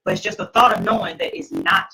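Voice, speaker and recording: A middle-aged woman, host, telling her personal testimony to an audience in an emphatic, preacherly way, with a husky voice. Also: mid-range voice, wildly swooping pitch, quick pace, bright, forceful tone, poor audio.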